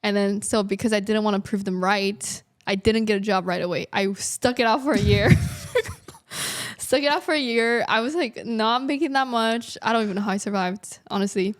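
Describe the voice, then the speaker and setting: Speaking at normal speed in a medium-pitched voice, this guest is a woman in her twenties who works as an artist and streamer. The casual interview is recorded with clean studio sound and no echo, and she chats freely, laughing often and saying "like" frequently.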